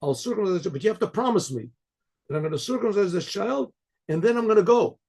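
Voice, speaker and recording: A hurried, devout rabbi, as a storyteller puts him on, speaks in urgent, stammering bursts. The voice is high and gravelly, with a husky edge. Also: male voice, expressive, a little mellow, full character voice.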